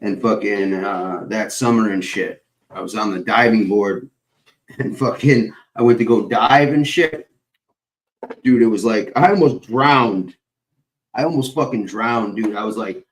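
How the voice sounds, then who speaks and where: A man's voice: medium pitch, measured pace, low-quality recording. A young man streaming live, chatting casually with viewers and telling long, profane, rambling stories. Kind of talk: casual chat.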